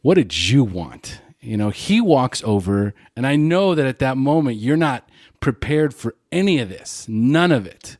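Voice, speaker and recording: Lively-voiced male podcast host. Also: mid-range voice, measured pace, no room sound, clean studio sound. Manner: casual, profane, emphatic questioning. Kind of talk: conversational interview.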